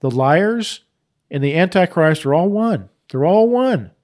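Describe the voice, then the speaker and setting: Preacher, male, slightly high-pitched, emphatic off-the-cuff preaching that hammers on repeated lines. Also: expressive, a little slow, darkish tone. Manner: emphatic, repeats key phrases; unscripted, with restarts and asides. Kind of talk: preaching on scripture.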